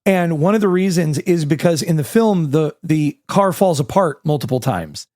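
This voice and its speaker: A man co-hosting a podcast, sharing film trivia in casual chat with relaxed asides. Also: fairly high pitch, normal speed, no echo, clean studio sound. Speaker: podcast co-host.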